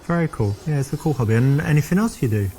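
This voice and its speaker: A man's voice: on the high side, expressive, fast, dark tone, soft background music, close to an everyday voice. An actor playing a man chatting up a woman in a café in a video game, firing off eager small-talk questions.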